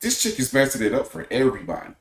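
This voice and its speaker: A man hosting a podcast, giving measured, opinionated casual commentary. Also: mid-range voice, wildly swooping pitch, echoey room. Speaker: podcast host.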